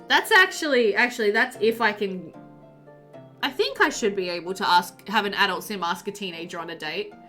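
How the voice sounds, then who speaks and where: A woman's voice: medium pitch, lively intonation, moderate pace, sharp tone, soft background music. A woman game streamer chatting casually with her live chat while playing, giggly and talkative.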